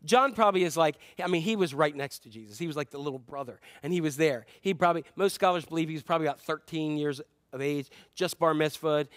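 A man preaching a sermon as a pastor, telling stories in an animated way and acting out scenes with playful humor. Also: on the high side, fast, few pauses, dry recording, studio quality.

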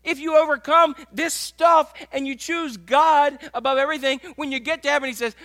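A man's voice: extremely high pitch, fairly even intonation, moderate pace, few pauses, fairly bright tone. A man pastor preaching an earnest, conversational sermon.

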